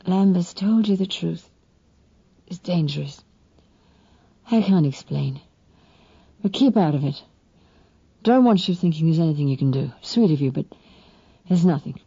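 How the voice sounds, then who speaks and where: A woman reading an audiobook and voicing a sick young man in his twenties, who talks in weak, hushed, clipped bursts with firm authority. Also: fairly high pitch, animated, a little slow, vocal fry, long pauses, breathy edge, no echo, highs cut off, full character voice. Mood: weary, urgent. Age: 20s.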